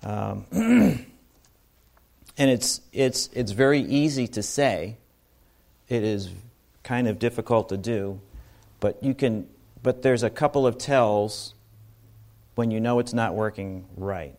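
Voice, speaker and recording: A man's voice: mid-range voice, lively intonation, slow, creaky, long pauses, a little mellow. A man giving an informal sermon to a congregation, talking conversationally with asides and restarts. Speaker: bible teacher.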